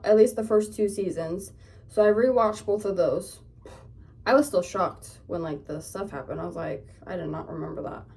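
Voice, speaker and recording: A woman's voice: mid-range voice, a little mellow, recorded from a distance. A young woman in her twenties chatting casually, in a rambling way with many fillers, while getting ready at home. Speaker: vlogger. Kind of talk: casual chat while doing makeup. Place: home room, indoors.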